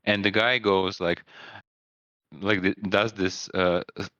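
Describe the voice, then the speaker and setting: A man's voice: sits low, steady tone, slow, sharp tone, no room sound, highs cut off. A young man co-hosting a casual podcast chat, telling work stories with many fillers and restarts. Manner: storytelling, hesitant with many fillers. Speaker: podcast co-host.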